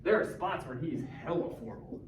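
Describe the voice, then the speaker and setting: A man's voice: on the high side, lively intonation, normal speed. A male teacher leading a casual, joking class discussion and quizzing his students. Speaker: high school English teacher. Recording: roomy classroom from far off, dull, faint noise.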